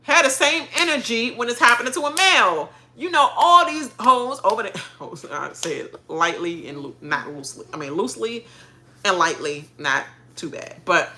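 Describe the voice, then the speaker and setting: A woman hosting a reality show reaction, ranting in casual chat, animated and often laughing. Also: fairly high pitch. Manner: animated, laughing, mocking quoted voices.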